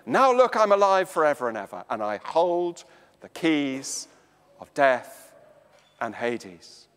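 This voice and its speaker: An English man preaching a slow, emphatic sermon in a church. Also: sing-song, fairly bright tone, smooth, big-room sound. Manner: slow, emphatic preaching with dramatic swings of pitch and volume.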